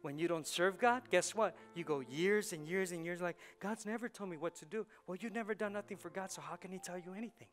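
Male pastor, fairly high voice, fervent sermon with hushed and loud stretches, faint music underneath. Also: fast, hardly any pauses. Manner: passionate preaching, swings from hushed to loud, repeats phrases. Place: church sanctuary.

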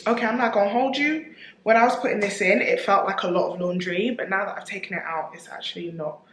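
A woman's voice: medium pitch, quick pace. A woman, chatting candidly to camera in a casual home vlog. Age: 20s. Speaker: vlogger. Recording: roomy echo, faint noise.

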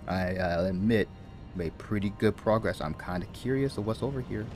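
A man's voice: lowish voice, brisk, over music. A man playing a video game and commenting casually, talking to the characters and laughing to himself. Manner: animated, talks to the game, mutters and laughs. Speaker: gaming YouTuber. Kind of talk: casual let's-play commentary.

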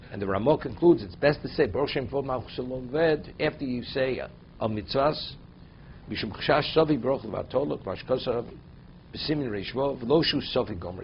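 A man's voice: mid-range voice, highs cut off, a little hiss or hum. Man teaching a text-based halacha class. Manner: reads Hebrew text aloud, then explains it in English. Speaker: Torah teacher.

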